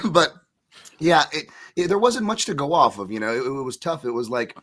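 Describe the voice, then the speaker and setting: A man's voice: on the high side, sing-song, moderate pace, a bit bright. A man co-hosting a casual roundtable, rambling with many restarts. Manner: rambling, lots of fillers and restarts. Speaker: co-host.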